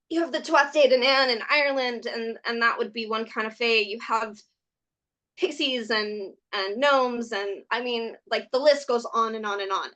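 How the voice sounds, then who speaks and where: A woman from California, a podcast guest, telling stories in a lively, casual way, laughing often and saying "like" a lot. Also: on the high side. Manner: animated, laughs often, many "like" fillers. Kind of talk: casual storytelling chat.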